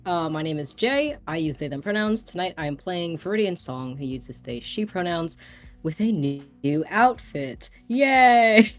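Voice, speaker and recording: A woman player introducing herself in an unhurried, soft-spoken way. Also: on the low side, animated, faint music behind. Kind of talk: casual chat.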